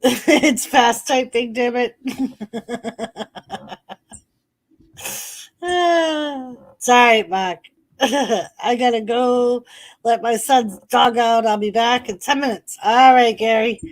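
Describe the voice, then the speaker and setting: High-voiced, giggly woman streamer. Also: drawn-out words, long pauses. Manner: laughs often while reading chat messages aloud. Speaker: streamer hosting a wrestling watch party. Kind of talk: casual live-stream chat.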